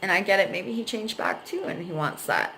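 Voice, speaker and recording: A woman's voice: mid-range voice, lively intonation, brisk, pushed and bright, slight background noise, rough recording. Frank, emotional woman venting to camera. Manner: frank, emotional, swears freely. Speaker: vlogger. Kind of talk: candid personal venting.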